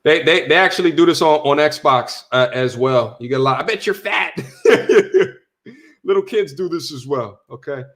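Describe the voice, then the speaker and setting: Animated young man hosting a livestream. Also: fairly high pitch, measured pace. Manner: animated, repetitive, reads chat aloud with slangy shout-outs. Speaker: livestream host. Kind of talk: casual livestream commentary.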